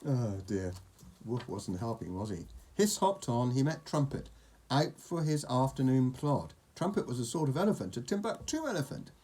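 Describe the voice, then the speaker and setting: A man's voice: mid-range voice, sing-song, normal speed, dark tone, a little hiss or hum. A man reading a picture book aloud to a child, with playful, chatty asides.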